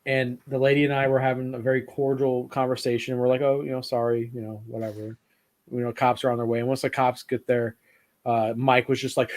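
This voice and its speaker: A man's voice: mid-range voice, a little fast, darkish tone. A man hosting a casual chat, telling rambling stories with plenty of swearing and acted-out quotes. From Italian heritage. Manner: rambling storyteller, swears freely, acts out quotes. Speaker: podcast host.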